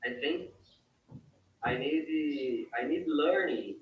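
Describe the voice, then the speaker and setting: A man's voice: fairly high pitch, slow, phone-quality sound. A man, a student in an online English lesson, speaking hesitantly and searching for his words. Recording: distant echoey call with faint noise.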